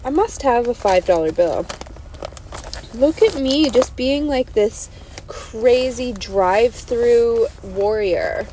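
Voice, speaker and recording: A woman in her thirties chats from her car at a drive-thru, wandering off on digressions and amusing herself along the way. Her voice is mellow and warm, with a soft hum of the car and the road around her. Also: medium pitch, poor audio. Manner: chatty, digressive, self-amused. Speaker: podcast host. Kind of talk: casual rambling chat.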